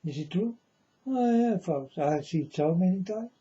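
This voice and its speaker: A man's voice: fairly high pitch, animated, normal speed, mellow, muffled recording. A man talking straight to his viewers in a rambling, earnest monologue, calling them folks and insisting he is serious.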